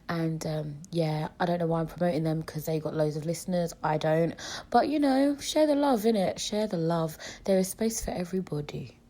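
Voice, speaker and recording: A woman's voice: low voice, warm tone. Chatty British woman with a cold. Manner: frank, chatty, swears freely. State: has a cold. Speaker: podcast host. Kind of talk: casual solo podcast chat.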